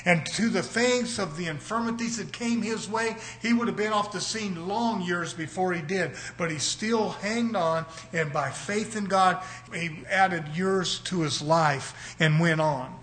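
A man's voice: sits high, a little slow, fairly bright tone. A man preaching a sermon to his congregation, stressing key words and often calling out "brothers and sisters". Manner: preaching with rising and falling emphasis, repeated "brothers and sisters".

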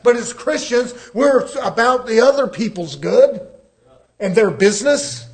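A middle-aged preacher with a very high, expressive voice delivers a sermon a little slowly. He asks the congregation rhetorical questions, alternating between loud emphasis and quieter stretches.

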